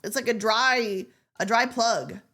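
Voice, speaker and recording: A woman's voice: a little high, unhurried, sharp tone, a little hiss or hum. A woman streamer chatting casually with a stuffy, congested nose, giggling, swearing and rambling. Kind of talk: casual live-stream chat.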